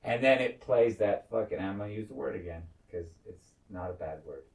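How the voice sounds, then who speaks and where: A man's voice: lowish voice, animated, a little fast, vocal fry, a little mellow, far from the mic. A man co-hosting a casual recap podcast, retelling scenes with quoted lines and swearing. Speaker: podcast co-host. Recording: echoey room, away from mic.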